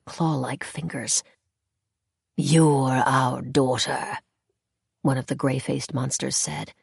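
A woman reads a novel aloud in measured, deliberate storytelling. Her voice is low and husky with a gravelly edge. The recording is close and dry. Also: a little mellow, no room sound. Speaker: audiobook narrator. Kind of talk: scripted narration.

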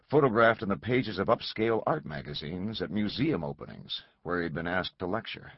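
Male audiobook narrator, low and husky, measured and dramatic; dry booth, slightly dull lo-fi sound. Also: no room sound. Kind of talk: scripted narration.

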